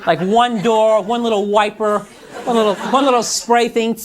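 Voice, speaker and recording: A man's voice: high-pitched, steady tone, moderate pace, slight background noise. A man doing a stand-up routine before a live audience, ranting in a frustrated, exasperated way. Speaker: stand-up comedian. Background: audience laughter.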